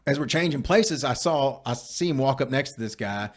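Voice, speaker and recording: A man's voice: medium pitch, normal speed. A man, telling a long story on a casual podcast, swearing freely and acting out the other people in it. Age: 40s. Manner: profane, animated storyteller. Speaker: podcast host.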